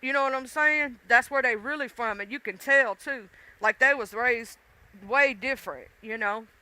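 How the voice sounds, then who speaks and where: A woman's voice: fairly high pitch, normal speed, pushed and bright. A middle-aged woman hosting a livestream, chatting bluntly and profanely with her viewers. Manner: blunt, profane, talks straight to chat. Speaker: livestream host. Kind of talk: casual chat with live viewers.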